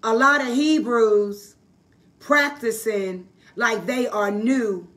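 A woman teaching a livestreamed sermon, hoarse from losing her voice, preaching emphatically in a folksy style and answering herself with quick asides. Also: on the high side, fairly bright tone, far from the mic. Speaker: Bible teacher. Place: live online broadcast.

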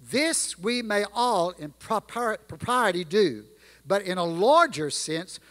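A man's voice: sits high, expressive, slow pace, a bit bright. A man with a Southern American accent preaching a sermon in a church, reciting lines with emphatic, sing-song delivery. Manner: preaching with sung-spoken quotes, emphatic. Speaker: guest preacher. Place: church sanctuary. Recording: church hall reverb.

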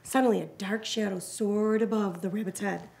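A woman reading a children's picture book aloud to a child, animated and encouraging. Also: mid-range voice, normal speed, gravelly, slight background noise.

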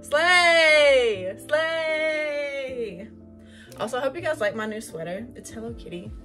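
A young woman hosting an excited unboxing vlog, gushing and swearing freely, squealing when excited. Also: on the high side, racing, over music. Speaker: vlogger.

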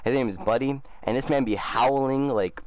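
A man's voice: mid-range voice, normal speed, a little mellow, no room sound. A man, a gaming YouTuber, talking casually and upbeat, full of fillers like "bro" and "um". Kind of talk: casual gaming chat and video outro.

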